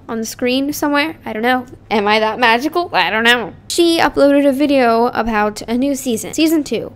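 A woman YouTuber giving casual, rambling game commentary into her microphone, giggling and melodramatic. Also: sits high. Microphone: desk microphone.

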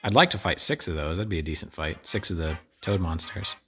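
Soft music plays behind a low-voiced man whose tone is fairly bright and whose pace is a little fast. He's a gameplay streamer doing casual, meandering let's play commentary, with wry asides aimed at his audience.

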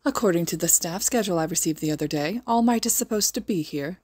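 A woman's voice: lowish voice, lively intonation, fast talker, darkish tone, slightly rough, no echo. A woman voicing a posh, elegant male villain made of mist in a podfic reading. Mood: cool.

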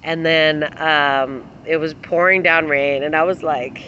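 Middle-aged woman, vlogger; rambling, giggly storyteller with a bright, forceful tone who swears freely. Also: low voice, fairly even intonation, unhurried, dull audio, slight background noise. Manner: giggly, laughs often while telling stories. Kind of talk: casual storytelling to camera.

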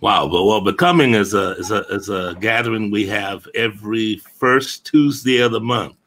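A man speaks as a guest in a casual interview over a video call. His voice sits on the low side, and he often stumbles and repeats words before settling into his point. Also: a bit bright. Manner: halting, repeats words as he starts. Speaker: guest, theatre director.

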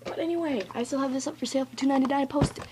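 A woman's voice: high voice, rapid-fire, heavy background noise. Chatty, goofy woman vlogging from her bedroom. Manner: chatty, goofy, easily sidetracked. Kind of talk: casual rambling tutorial vlog.

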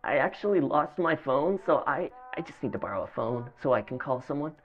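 A man's voice: medium pitch, animated, fairly quick, natural voice. An actor playing a desperate stranded father who pleads hesitantly for help at a stranger's door. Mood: pleading. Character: desperate middle-aged man pleading at a door. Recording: slightly dull audio with faint music.

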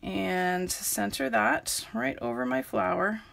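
A woman's voice: mid-range voice, slow, creaky, fairly bright tone. A woman giving a chatty live craft tutorial, talking viewers through each step and greeting them by name. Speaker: papercraft demonstrator.

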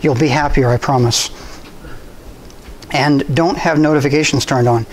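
Man giving a relaxed club talk. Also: medium pitch, moderate pace, slight background noise, rough recording. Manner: conversational, relaxed, with frequent restarts and ums. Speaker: presenter. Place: university room.

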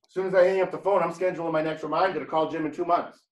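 Boston-accented man, blunt trainer talk, slightly high voice, echoey training room. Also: steady tone, rapid-fire, muffled recording. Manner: blunt, conversational, jokey. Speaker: real estate trainer.

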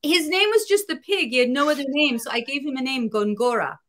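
A woman with a bright, fairly high voice, chatting as a guest about her writing. She talks in an animated way, laughs easily and often gropes for a word mid-sentence. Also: fast. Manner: animated, laughing, searching for words. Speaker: comic book writer, guest. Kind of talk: casual interview chat.

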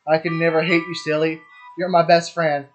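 A man reading the lines of a gentle teenage schoolgirl in a visual novel, in a soft, earnest, apologetic way. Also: fairly high pitch, level tone, normal speed, lightly acted. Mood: tearful. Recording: dull lo-fi audio with soft music.

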